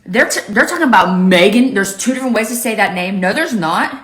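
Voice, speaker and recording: A woman's voice: medium pitch, animated, quick pace, fairly bright tone, echoey room. A woman from Pittsburgh with a slight Southern touch to her accent, telling a comic story to camera in a casual, exasperated way. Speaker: lifestyle vlogger.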